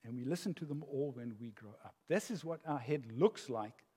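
An older man preaching a sermon as pastor, an animated storyteller who laughs at his own jokes. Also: medium pitch, moderate pace, husky. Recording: long hall reverb.

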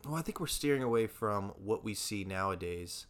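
A man's voice: lowish voice, animated, normal speed. A young man co-hosting a casual podcast, blunt and openly judgmental, swearing freely as he talks. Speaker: podcast co-host. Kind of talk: casual chat.

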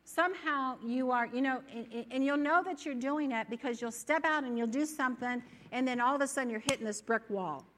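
A woman preaching to a church congregation in a bright, fairly high voice. She talks in a conversational, animated way and often slips into the voices of worried listeners. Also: brisk, hardly any pauses. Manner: animated, acts out inner voices. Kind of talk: sermon.

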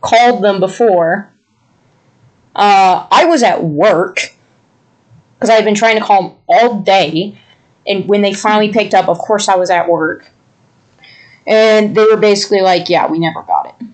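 A woman's voice: medium pitch, a little slow, pauses often. Exasperated young woman telling a story. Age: young adult. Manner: exasperated, animated retelling with mimicked quotes. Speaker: podcast co-host. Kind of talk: casual storytelling chat.

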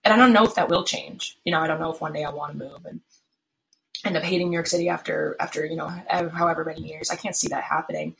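Twenties woman podcasting at home, low gravelly voice, kinda tired and rambly, faint hiss and pen clicks. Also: fairly even intonation, fast, a bit bright, rough recording. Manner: rambling, filler-heavy, frequent restarts; tired, yawning. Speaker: podcast host. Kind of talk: casual solo podcast chat.

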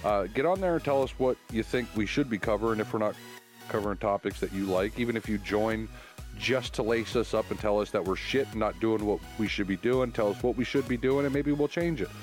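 A man's voice: lowish voice, faint music behind. A man co-hosting a casual podcast, telling long jokes with loose, rambling delivery. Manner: drawn-out joke telling with character voices. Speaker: podcast co-host.

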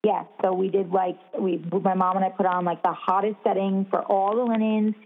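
A woman's voice: medium pitch, little pitch movement, moderate pace, gravelly, narrow, tinny audio. Chatty young woman, phone-thin sound. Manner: rambling, full of "like", swears freely. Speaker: podcast co-host, new mother. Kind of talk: casual chat.

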